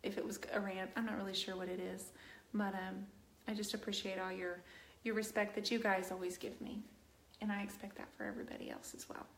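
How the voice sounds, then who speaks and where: A woman's voice: medium pitch, level tone, brisk, gravelly, slight background noise. A woman hosting a live painting stream, talking earnestly and emphatically straight to her viewers. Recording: roomy echo.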